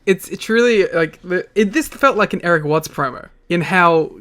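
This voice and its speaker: Exasperated, animated podcast co-host. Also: medium pitch, moderate pace. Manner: animated, exasperated, laughs often. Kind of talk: casual chat.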